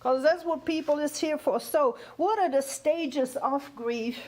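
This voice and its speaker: Lively woman in her fifties, second-language English. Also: sits high, a little slow. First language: not English. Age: 50s. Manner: animated, laughs often, keeps asking if you hear her. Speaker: guest speaker on grief. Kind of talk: conversational teaching talk.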